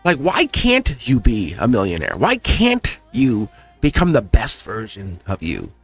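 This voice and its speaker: Guy doing a teary spiritual pep talk for his tarot channel, pitch all over the place, a bit of music under him. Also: wildly swooping pitch, unhurried, a bit bright, husky. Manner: earnest, emotional, repetitive, speaks straight to viewers. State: near tears. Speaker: tarot reader, channel host.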